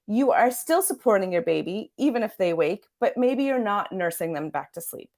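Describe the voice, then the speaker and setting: A woman speaking at a mid-range pitch while she coaches parents directly to camera. She talks earnestly and keeps checking in with her listeners by asking "okay?". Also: animated, normal speed, a little mellow. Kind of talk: teaching to camera.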